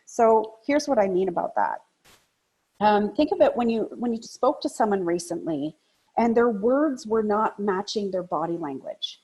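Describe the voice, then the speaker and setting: Woman, breathy voice, high energy, emphatic, conversational presentation. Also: expressive, normal speed, dark tone, low-quality recording. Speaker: business coach presenting a training webinar.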